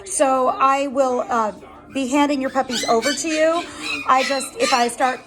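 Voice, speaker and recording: A woman's voice: high voice, steady tone, unhurried, noisy background. A woman dog breeder chatting casually on a vlog, rambling with lots of fillers and cooing at her puppies. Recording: music playing behind. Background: background music, puppies.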